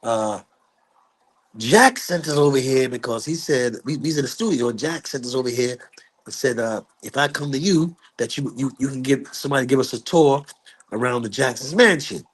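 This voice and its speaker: A man in an interview telling a story with lively energy, acting out the voices of the people in it. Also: mid-range voice, normal speed, breathy edge. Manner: acts out quoted voices, curses, lively delivery. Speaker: guest musician. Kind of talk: animated storytelling.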